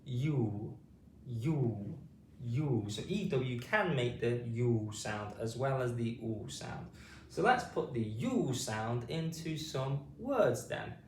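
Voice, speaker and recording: A man with a British accent teaching phonics, drawing words out slowly and saying each sound with exaggerated care. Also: medium pitch. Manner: lively, sing-song, exaggerated pronunciation. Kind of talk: slow, drawn-out phonics teaching. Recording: echoey room, distant mic, faint noise.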